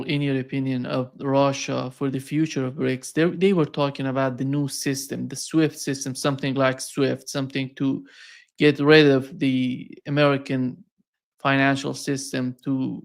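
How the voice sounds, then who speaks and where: A man hosting an interview, asking long questions in a halting way and repeating words as he goes. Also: mid-range voice, gravelly. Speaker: interview host.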